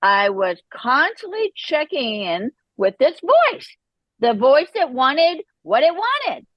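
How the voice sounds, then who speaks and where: Lady telling her recovery story on a podcast, lively up-and-down voice, kinda high, dull dry audio. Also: slow pace, no echo. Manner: animated storyteller acting out quoted voices. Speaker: podcast guest.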